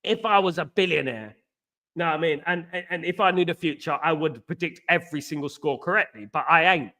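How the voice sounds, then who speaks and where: A man's voice: a little high, fairly quick, sharp tone. Passionate man hosting a live stream. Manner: passionate, rambling, reads chat aloud. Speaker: livestream host and football fan. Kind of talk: casual live-stream chat.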